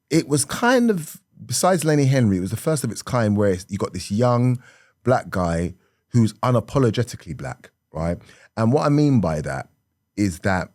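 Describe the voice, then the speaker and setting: Animated South London man, lowish voice. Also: dry recording, studio quality. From South London, England. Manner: lively, laughing, slips into acted voices. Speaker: comedian guest. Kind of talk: animated podcast storytelling.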